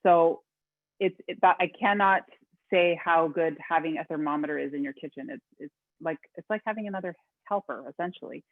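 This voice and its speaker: A woman's voice: on the low side, fairly quick, dry recording. Woman, cooking demo, home kitchen, chatty, lots of fillers, tinny phone-like line, dry sound. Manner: chatty, many fillers and restarts. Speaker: cooking demonstrator. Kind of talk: live cooking demo webinar. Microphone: video call.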